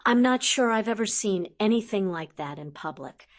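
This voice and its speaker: A woman's voice: medium pitch, animated, moderate pace, lightly acted. A woman reading an audiobook, voicing a frank, wry grown male wizard in a conversational tone.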